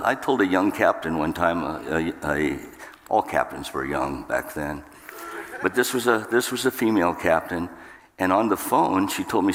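Low-voiced male pastor, unhurried and emphatic sermon delivery, reverberant church hall. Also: lively intonation, a bit bright. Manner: emphatic, jumps up in pitch for acted outbursts. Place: church sanctuary.

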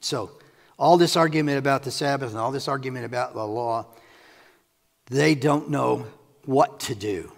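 A man preaching a sermon to a congregation, animated and quick to laugh as he paraphrases scripture. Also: mid-range voice, vocal fry, long reverb tail. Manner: animated, acts out scripture quotes, laughs often.

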